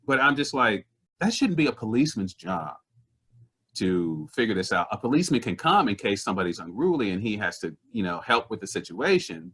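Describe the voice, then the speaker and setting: A man, a comedian, telling stories in conversation, animated and earnest, slipping into other people's voices. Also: lowish voice. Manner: earnest and indignant about social issues. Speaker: comedian guest. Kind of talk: conversational storytelling.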